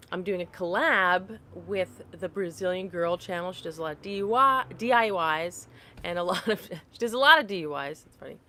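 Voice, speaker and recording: A woman with a fairly low, fairly bright voice runs a casual live chat from an upright phone. Chatty and quick to laugh, she talks to her viewers, apologizes and is easily sidetracked.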